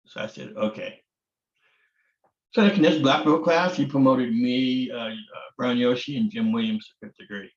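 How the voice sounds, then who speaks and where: A man's voice: medium pitch, normal speed. Blunt older man telling stories, roomy sound. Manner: blunt, swears casually, acts out quoted dialogue. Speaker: martial arts grandmaster. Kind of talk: candid storytelling interview. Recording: roomy, dull lo-fi audio.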